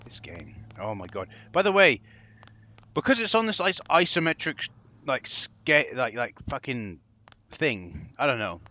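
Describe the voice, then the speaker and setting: A man's voice: mid-range voice, sing-song, unhurried, sharp tone. A young man giving casual gameplay commentary, sarcastic and exasperated, swearing freely as he plays. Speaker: game commentator.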